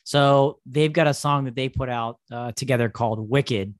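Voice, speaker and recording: A man co-hosting a music podcast, enthusiastically pitching songs and bands. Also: normal speed, dry recording, clean studio sound. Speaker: podcast co-host. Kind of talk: casual music chat.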